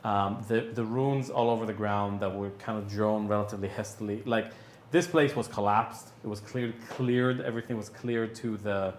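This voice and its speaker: A man narrating a tabletop game as game master, halting with many fillers and restarts. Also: on the low side, reverberant, a little hiss or hum.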